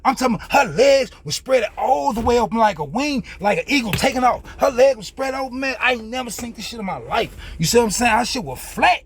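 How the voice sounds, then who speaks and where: A man's voice: very high-pitched, expressive, fast talker, gravelly, few pauses, a little hiss or hum. A young man telling a casual, profane story in loose street slang as a vlogger.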